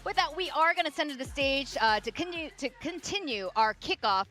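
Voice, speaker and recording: A woman's voice: high voice, expressive, a little fast, over loud music. A woman hosting an esports analysis desk, leading segments and asking for predictions in an upbeat presenter manner.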